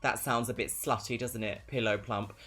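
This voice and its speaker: A woman's voice: rumbling low, steady tone, moderate pace, fairly bright tone, soft background music. A young woman from London with a London accent, chatting on a live stream in a bubbly, giggly way. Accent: London English. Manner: bubbly, chatty, laughs often. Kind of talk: casual live-stream chat.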